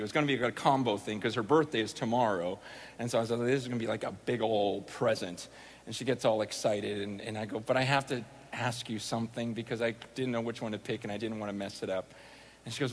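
A man's voice: on the low side, fairly even intonation, quick pace, long reverb tail, slight background noise. A man preaching a sermon who opens with a personal story. He tells it in a rambling, self-deprecating way, with lots of restarts, and acts out his own thoughts for laughs. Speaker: pastor.

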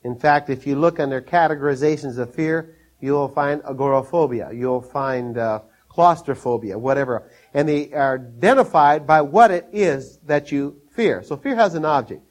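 A man's voice: mid-range voice, normal speed. An older man from Minnesota preaching a sermon, telling folksy stories, chuckling often and acting out scenes in a raised voice. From Minnesota, USA.

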